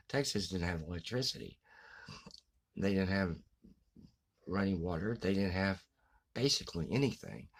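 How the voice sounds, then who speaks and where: A man giving a casual book review, halting with many fillers and restarts. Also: low voice, a little hiss or hum, rough recording. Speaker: book vlogger.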